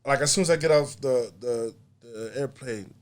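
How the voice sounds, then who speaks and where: An American artist and comedian, appearing as a podcast guest, speaks with medium pitch at a moderate pace. He tells a story casually and animatedly, acting out other people's lines and laughing often.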